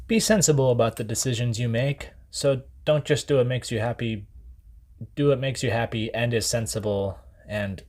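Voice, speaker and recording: A man's voice: mid-range voice, moderate pace, a little mellow. A man in his twenties delivering a comic monologue as a vlogger, playful, jokey and mock-serious.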